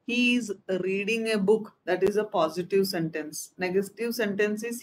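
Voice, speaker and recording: A woman's voice: mid-range voice, normal speed. A woman teacher giving a grammar lesson, explaining step by step, repeating key terms and reading out example sentences. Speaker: English teacher.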